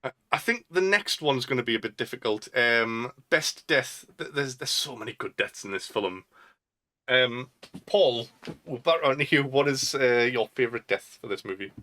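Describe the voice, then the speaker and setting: A man's voice: mid-range voice, expressive, normal speed, pushed and bright. A man with a Northern English accent hosting a film podcast in casual chat, laughing often and leading the questions. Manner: laughs a lot, leads the questions. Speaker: podcast host.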